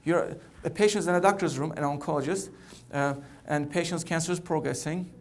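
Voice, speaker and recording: A middle-aged oncologist delivers a conference keynote in a conversational, halting way, frequently repeating words. His voice runs fairly high, with slight background noise.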